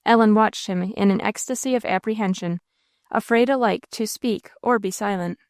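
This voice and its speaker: A woman narrates a classic novel in a measured, expressive way. Her voice sits at a middling pitch, and the recording is dry and close, with no room sound. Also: dry recording. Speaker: audiobook narrator. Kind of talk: scripted narration.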